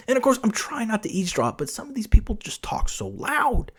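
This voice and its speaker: A man's voice: mid-range voice, a little fast, slightly rough. Rambling man telling a story. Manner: rambling, full of "like" and "you know", many restarts, animated. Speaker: podcast host. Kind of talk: casual solo storytelling.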